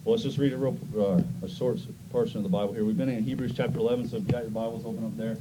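A pastor is losing his voice while leading a church service with singing, prayer and announcements. He talks folksily and conversationally, praying with rising fervor; his mid-range voice is steady but racing, and the recording is very noisy.

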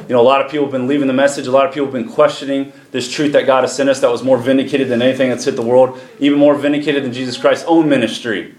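A preacher in an echoey church. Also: male voice, mid-range voice, little pitch movement, darkish tone. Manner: slows and lifts his voice for emphasis, responsive to the congregation. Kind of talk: sermon with scripture reading and prayer. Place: church sanctuary with congregation. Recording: echoey church room, faint noise.

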